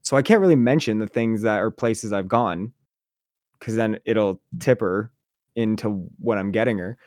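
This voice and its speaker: A man's voice: lowish voice, normal speed, no room sound, clean studio sound. A man co-hosting a podcast, telling casual stories with lots of swearing and acting out other people's lines. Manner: animated storyteller, swears freely, acts out voices. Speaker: podcast co-host. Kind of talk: casual chat.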